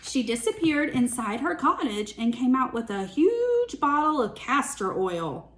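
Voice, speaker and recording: A woman reading a picture book aloud as a teacher, with slow, expressive storytelling. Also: high-pitched.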